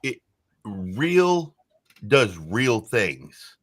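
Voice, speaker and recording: A man's voice: lowish voice, sing-song, extremely slow, a bit bright. A man co-hosting a podcast, chatting with enthusiasm and saying "dude" often. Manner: enthusiastic, says "dude" a lot. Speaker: podcast co-host. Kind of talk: casual chat.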